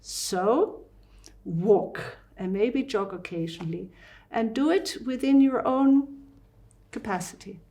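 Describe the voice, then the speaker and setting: A woman fasting doctor with a Dutch accent, explaining fitness and breathing in an interview with lively asides. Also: fairly high pitch.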